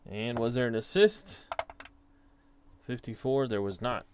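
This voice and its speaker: A man's voice: mid-range voice, unhurried, a little hiss or hum. A young man casually talking through his tabletop soccer simulation, thinking aloud as he reads off dice results. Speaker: tabletop soccer sim host. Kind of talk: casual solo commentary.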